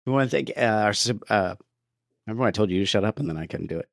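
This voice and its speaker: A man's voice: on the low side, animated, rapid-fire, creaky, no echo, clean studio sound. A man co-hosting a podcast in casual, jokey chat, laughing often. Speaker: podcast co-host.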